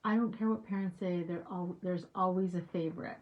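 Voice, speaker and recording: A woman's voice: lowish voice, fairly even intonation, a little fast. A woman hosting a painting livestream, chatting with viewers and murmuring to herself as she works. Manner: chatty, drops to murmured whispers while working. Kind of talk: casual chat while painting. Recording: dull lo-fi sound with faint hiss.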